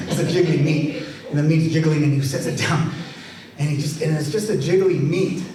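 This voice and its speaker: A man's voice: a little high, moderate pace, a little hiss or hum. A man, an author, telling family stories with laughter and reading a poem at a live event. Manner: animated, laughing storyteller. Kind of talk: storytelling talk and poetry reading. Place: large event hall. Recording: echoey hall from far off.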